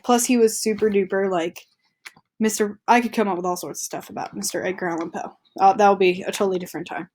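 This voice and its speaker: A woman teacher reading an article aloud to her students in a chatty, upbeat way with casual asides. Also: fairly high pitch.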